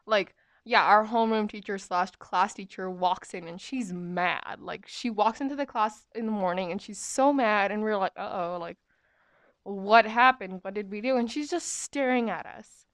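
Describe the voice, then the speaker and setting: A woman's voice: medium pitch, moderate pace, no room sound. A young woman in her twenties telling a school story in casual chat, with lots of filler words and restarts. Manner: chatty, full of "like" fillers and restarts.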